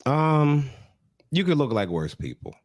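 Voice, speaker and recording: A man co-hosts a podcast with blunt, teasing one-liners. His pitch moves lively up and down. The recording is close and dry. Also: unhurried, no echo. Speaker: podcast co-host. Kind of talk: casual chat.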